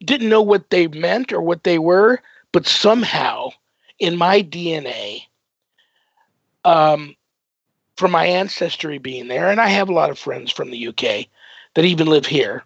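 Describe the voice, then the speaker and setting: A man's voice: fairly high pitch, lively intonation, measured pace, vocal fry, a bit bright, slightly rough, no echo. A man hosting a radio talk show, chatting casually and rambling with many fillers. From United States. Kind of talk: casual radio interview chat. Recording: dull dry lo-fi broadcast audio.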